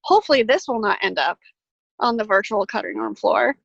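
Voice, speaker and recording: A woman's voice: mid-range voice, a little fast, creaky, slightly rough, no echo, lo-fi sound. A woman telling a personal story in a casual, self-deprecating way, with lots of "like" fillers, over a video call from her greenhouse. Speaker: storyteller guest.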